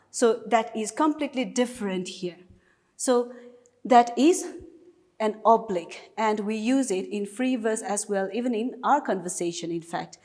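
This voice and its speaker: A woman's voice: fairly high pitch, a little mellow, in a large hall. A woman with a Nagaland accent, teaching an English class and patiently explaining step by step with repeated examples.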